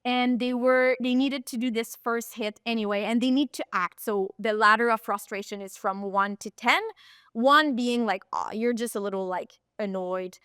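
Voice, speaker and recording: A woman guest on a podcast interview, a performance coach telling animated stories and sometimes searching for words. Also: fairly high pitch, moderate pace, clear, resonant tone, no echo, clean studio sound.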